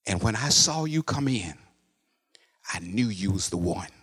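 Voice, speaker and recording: A man voicing a quiet male jail inmate facing death row, speaking low and earnestly. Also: animated, unhurried, husky, exaggerated voice. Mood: hushed, earnest.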